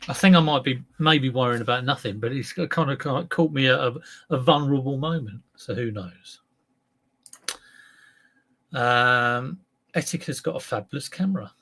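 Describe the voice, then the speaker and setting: A chatty man with a slightly husky, breathy voice, hosting a casual live stream. He rambles along at an everyday middle pitch, breaking off and restarting his sentences as he talks. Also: normal speed, fairly bright tone. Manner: rambling, self-interrupting, chatty. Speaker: reseller livestream host.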